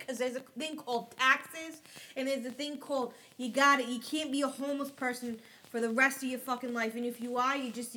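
A woman co-hosting a casual podcast chat, ranting in a crude, profane, animated way. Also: fairly high pitch, slight background noise.

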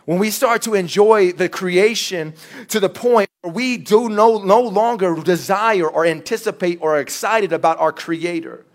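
A man's voice: high-pitched, normal speed. A man, preaching a sermon as a pastor in a candid, conversational way, acting out quotes as he tells stories.

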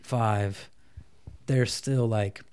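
A man in his thirties, a parenting coach, chatting in an interview and softly acting out talks between parents and children. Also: fairly low pitch, fairly even intonation, extremely slow. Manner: acts out parent and child dialogue in a soft voice. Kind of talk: casual interview chat.

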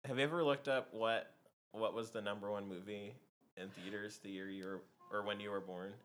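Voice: low voice, fairly even intonation, brisk, fairly bright tone, slight background noise. A young adult co-hosting a podcast in playful, joking casual chat. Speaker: podcast co-host.

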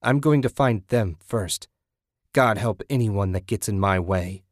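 A man voicing a frightened young wife who shouts defiantly at her captor in an audiobook. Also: fairly low pitch, measured pace, no room sound, clean studio sound. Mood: grim. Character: terrified young wife fighting back.

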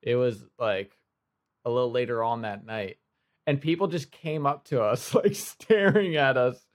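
A man hosts a casual podcast, laughing easily and peppering his talk with "dude" and swear words. He sounds loose and unhurried among friends. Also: mid-range voice. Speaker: podcast host.

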